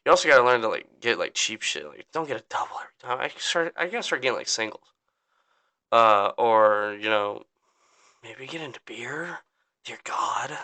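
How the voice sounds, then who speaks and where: A man's voice: medium pitch, sing-song, a little fast, pushed and bright. A young man hosting a podcast, rambling and venting in a downbeat casual rant, swearing often and saying "like" constantly. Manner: rambling, swears a lot, full of "like". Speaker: podcast host.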